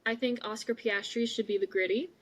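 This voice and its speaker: A woman's voice: a little high, fairly even intonation, brisk. A woman co-hosting a podcast in casual chat, full of "like" fillers, on a video call. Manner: chatty, many "like" fillers. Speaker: podcast co-host.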